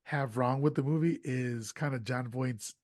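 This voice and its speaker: A man hosting a podcast, casually retelling a movie plot and tossing in quick acted quotes. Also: mid-range voice, darkish tone, no echo, clean studio sound. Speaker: podcast host. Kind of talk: casual movie recap chat.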